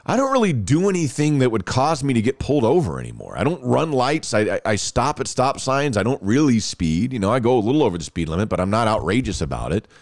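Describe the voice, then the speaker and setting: A man, hosting a podcast and telling a story in a casual, animated way, laughing often and restarting phrases. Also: medium pitch, fast, few pauses, no room sound. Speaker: podcast host.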